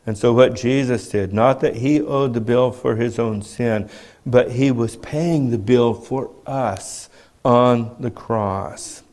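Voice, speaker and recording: A man preaching a sermon in a measured teaching tone, asking rhetorical questions as he explains. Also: medium pitch, darkish tone.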